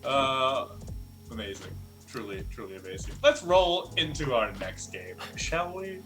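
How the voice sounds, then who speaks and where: A male co-host on a live improv stream with a bright, sharp voice that swoops up and down. He explains games playfully and laughs easily. Faint music sits behind him. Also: mid-range voice, animated, measured pace. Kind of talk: casual chat and game hosting.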